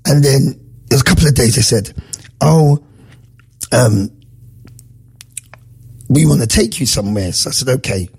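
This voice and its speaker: A man's voice: medium pitch, normal speed, vocal fry, long pauses, husky. A man hosting a radio show, telling a story in a casual, emotional way and acting out the voices. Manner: animated, emotional storyteller who acts out voices. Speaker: radio presenter.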